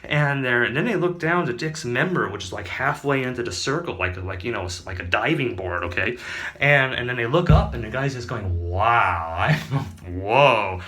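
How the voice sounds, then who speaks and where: A man's voice: mid-range voice, lively intonation, a little fast, pushed and bright. A man rambles through an absurd comic tale, stopping often for fillers and side remarks. His voice moves up and down a lot as he talks. He sounds like an offhand comic storyteller. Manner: rambling, full of fillers and asides.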